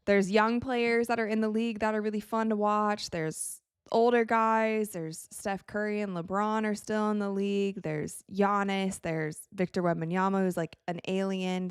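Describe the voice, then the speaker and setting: Chatty young woman streamer, smooth voice. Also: mid-range voice, unhurried, no room sound, clean studio sound. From Wisconsin, US. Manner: chatty, excitable, reacts to plays mid-sentence. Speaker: streamer hosting a game watch party. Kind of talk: live casual commentary to chat.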